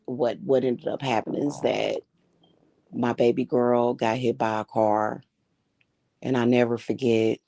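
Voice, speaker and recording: Woman, spiritual-reader host on a livestream; gravelly, mid-pitched voice, dry close sound, blunt and profane delivery. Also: dark tone, dry recording. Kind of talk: casual livestream storytelling.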